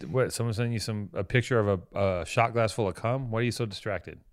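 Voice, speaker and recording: A man's voice: on the low side, quick pace, dry recording. A man hosting a podcast in casual banter, crude and joking, rambling through stories. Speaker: podcast host.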